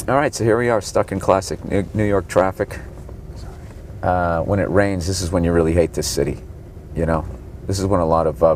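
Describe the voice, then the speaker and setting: A man's voice: sits low, a little mellow. A man in his forties, a stand-up comedian, slightly sick, ranting sarcastically and profanely while riding in the back of a cab. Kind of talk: ranting tour commentary from a cab. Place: back seat of a cab in city traffic. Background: faint traffic noise.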